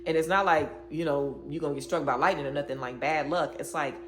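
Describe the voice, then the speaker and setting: A woman's voice: deep voice, a little fast, echoey room, over music. A woman giving a tarot reading straight to her viewers, emphatic and preachy, repeating words for stress. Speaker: tarot reader. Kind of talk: direct-to-camera tarot reading.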